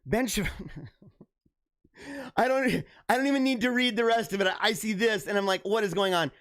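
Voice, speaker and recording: A man's voice: high-pitched, normal speed, a bit bright. A young man hosting a casual commentary show. He reacts to news stories, laughs often and repeats himself.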